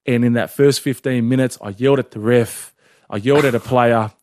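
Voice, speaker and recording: A man co-hosting a casual sports chat, telling stories in a chatty, animated way. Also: medium pitch, brisk, a little hiss or hum. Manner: chatty, animated storyteller, laughs often. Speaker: podcast co-host.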